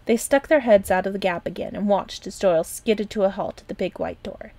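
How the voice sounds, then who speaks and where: Soft-spoken woman reading a children's book. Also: medium pitch, fairly quick, no echo. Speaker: storyteller.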